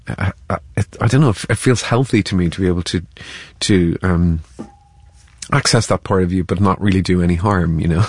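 A man's voice: deep voice, a little fast, slightly rough, no echo. A man, an actor, talking about his craft in an interview, with frequent stammered restarts and easy laughter. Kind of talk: reflective interview talk.

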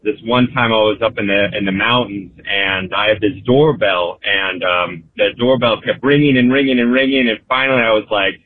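A man's voice: on the low side, fairly even intonation, normal speed, hardly any pauses, no echo. A man from California calling in and telling a rambling, amused story. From California, USA. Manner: chuckling, rambling. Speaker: caller. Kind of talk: phoned-in storytelling. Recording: phone line.

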